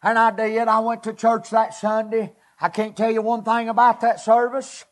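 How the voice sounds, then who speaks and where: A man delivers a personal testimony from the pulpit. His voice sits very high for a man. He speaks in earnest, halting, short phrases. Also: little pitch movement. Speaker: preacher giving a personal testimony. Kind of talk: emotional testimony sermon.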